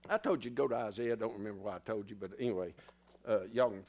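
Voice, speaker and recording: A man's voice: fairly low pitch, rapid-fire, a little mellow. A man preaching a sermon in a church in a folksy, teasing way, somewhat out of breath. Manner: folksy, teasing the congregation, spells words letter by letter.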